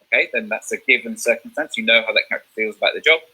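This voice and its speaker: A man's voice: lowish voice, rapid-fire, sharp tone, breathy edge, poor audio. A man teaching a drama revision lesson, explaining step by step and checking in with "okay?".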